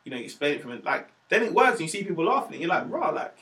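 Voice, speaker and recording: Animated man. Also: a little high, very fast, creaky. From Wales. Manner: animated storyteller, acts out quoted voices. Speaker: stand-up comedian, guest. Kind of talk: casual podcast conversation.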